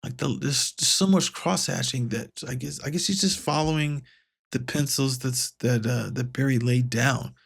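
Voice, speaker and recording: A man's voice: medium pitch, moderate pace, creaky, breathy edge. A man casually reviewing a comic book, rambling with many fillers and restarts and paraphrasing the dialogue. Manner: paraphrases dialogue in a lightly raised voice. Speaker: comics podcast host.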